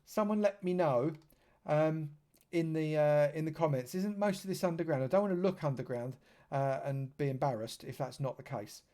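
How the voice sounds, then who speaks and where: A man's voice: on the high side, moderate pace, dark tone. A man from London, giving chatty live commentary on a game stream and joking with dry sarcasm. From London, England.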